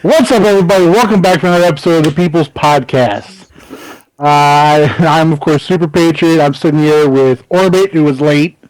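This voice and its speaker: A man's voice: a little high, a little fast, poor audio. A man hosting a casual gaming podcast, teasing his co-hosts and laughing often over a voice call. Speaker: podcast host.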